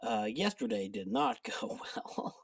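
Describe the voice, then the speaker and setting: A woman's voice: a bass voice, wildly swooping pitch, measured pace, vocal fry, slightly rough, distant mic. A woman chatting casually in a home vlog, rambling and poking fun at herself. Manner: chatty, self-deprecating, rambling. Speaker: book vlogger. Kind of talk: casual chat.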